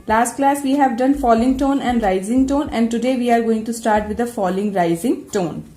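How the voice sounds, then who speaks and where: Female teacher, patient lecture, higher mellow voice, roomy echo. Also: normal speed, soft background music. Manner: patient, explains step by step. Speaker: English teacher. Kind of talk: classroom lecture.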